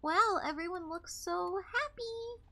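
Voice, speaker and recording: High-voiced woman streamer, loud outbursts. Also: slow pace, creaky. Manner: loud, startled outbursts and swearing. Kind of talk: live game stream, reading and reacting.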